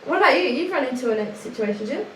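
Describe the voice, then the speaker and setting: Lively high-voiced young woman co-host. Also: racing, a little hiss or hum. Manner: expressive, reacts loudly, laughs. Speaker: podcast co-host. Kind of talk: casual chat. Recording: echoey room, mic at a distance.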